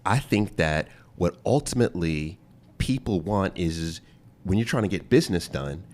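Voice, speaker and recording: This interview podcast host is a man whose low voice sounds a little mellow, with lively intonation. His delivery is loose and joking, full of laughter, with drawn-out emphasis on important words.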